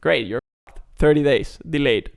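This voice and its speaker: A man's voice: mid-range voice, moderate pace, gravelly, faint music behind. A man in his thirties talking casually and jokingly to camera, full of "like" and laughter. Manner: animated, joking, peppered with "like". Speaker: vlogger. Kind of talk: casual vlog monologue.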